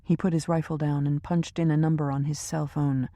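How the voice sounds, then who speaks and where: Brief: woman narrator for a thriller audiobook, low pitch, dry close sound. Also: little pitch movement, fairly quick, hardly any pauses, mellow, no room sound.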